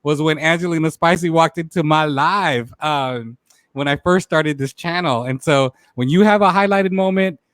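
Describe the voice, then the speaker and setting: Man, live-stream host, animated, greets viewers, higher voice, dry close sound. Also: moderate pace, dry recording. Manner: animated, greets viewers by name, laughs often. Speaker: talk show host. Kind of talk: casual live-stream chat.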